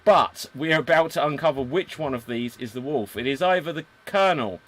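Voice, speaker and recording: A man's voice: fairly high pitch, fairly quick, fairly bright tone. A man hosting a live online improv show, upbeat with laughing asides.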